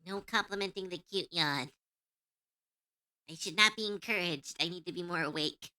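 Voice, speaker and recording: A woman's voice: lowish voice, normal speed, pushed and bright. A woman streamer chatting casually to her viewers, rambling and giggling between thoughts.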